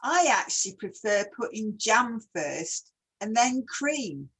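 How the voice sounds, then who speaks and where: A chatty woman hosts a relaxed online talk. Her voice is fairly high and a little breathy, and her pitch swings up and down a lot. She keeps firing questions at her guest. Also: takes it slowly, rough recording. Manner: chatty, asks many questions. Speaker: host. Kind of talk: casual online chat.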